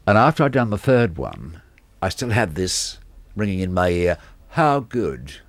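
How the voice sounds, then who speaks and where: Deep-voiced Australian man telling lively anecdotes. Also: moderate pace, no room sound. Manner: animated raconteur who acts out the people in his stories. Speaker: radio disc jockey telling his career story. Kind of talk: anecdotal storytelling in an interview.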